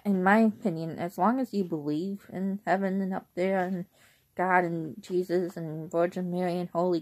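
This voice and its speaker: A young woman vlogging in a casual, rambling way, who often clears her throat. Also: on the low side, a little mellow. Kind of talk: casual chat.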